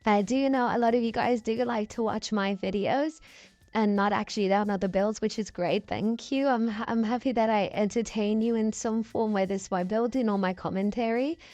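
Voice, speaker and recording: A woman's voice: medium pitch, moderate pace, a little mellow, dry recording, muffled recording. Chatty woman through a voice changer. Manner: chatty, rambling, enthusiastic. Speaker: game builder commentator. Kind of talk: casual voice-over commentary.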